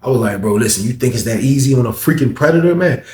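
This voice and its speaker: Animated New storyteller, echoey room. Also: male voice, fast talker. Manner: acts out other people's voices, jumps high when excited. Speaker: storyteller recounting prison life.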